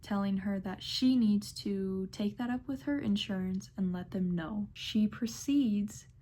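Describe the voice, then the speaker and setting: A sassy, exasperated young woman telling workplace stories in a vlog. She speaks at an unhurried pace, her delivery dry and amused. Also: medium pitch, mellow. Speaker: pharmacy technician. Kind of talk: storytime vlog narration.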